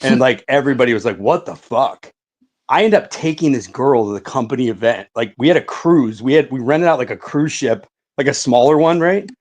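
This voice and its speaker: A man's voice: medium pitch, fairly quick, hardly any pauses, a little mellow. A middle-aged man telling a story in casual podcast chat, swearing a lot and saying "like" and "right" often.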